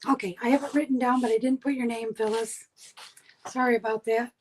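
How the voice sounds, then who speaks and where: A woman's voice: on the high side, fairly even intonation, a little fast, a little mellow, slight background noise, poor audio. A woman hosting a live online sale, chatting casually while she counts items and reads out buyers' names. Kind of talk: casual live-stream selling.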